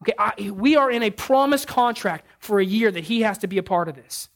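Animated male preacher telling stories. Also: high-pitched, a little fast. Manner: animated storytelling with frequent restarts. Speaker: pastor. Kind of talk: sermon.

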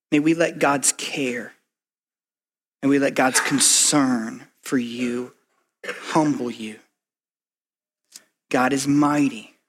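A man preaches a sermon with a slightly high-pitched voice. He talks fast and loose, dropping in "like" and checking in with "right?" as he walks through the passage. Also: a bit bright, husky. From Kentucky. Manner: conversational, fast, lots of "like" and "right?". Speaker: pastor.

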